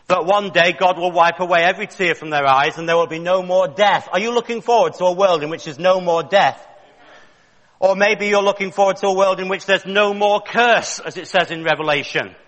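A man's voice: high voice, sharp tone, long reverb tail, poor audio. A man preaching a sermon with fervent, rising emphasis and pointed questions to the congregation.

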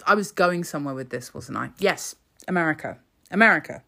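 A woman's voice: low voice, expressive, fairly quick, creaky, pushed and bright. A young woman hosting a solo podcast, chatty and sweary, rambling with frequent restarts. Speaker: podcast host.

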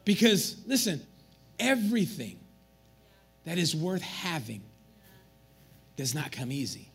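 Animated high-voiced pastor preaching. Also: male voice, slow pace, gravelly, faint music behind. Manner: animated, joking with the congregation. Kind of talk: sermon. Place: church.

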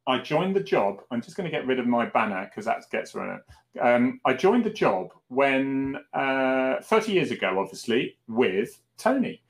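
Brief: Cornish host in his fifties, loose and chatty, animated intonation. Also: mid-range voice, normal speed. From Cornwall, England. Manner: chatty, rambling, laughs often. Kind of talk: casual chat.

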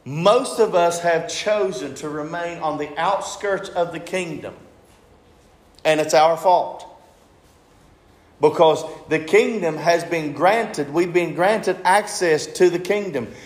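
A man's voice: a little high, reverberant. A man preaching a sermon, repeating phrases and asking the congregation questions.

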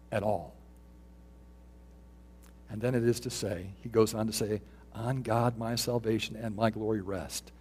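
A man's voice: medium pitch, darkish tone, slightly rough. A middle-aged man preaching an earnest sermon as pastor, reading scripture and quotations aloud.

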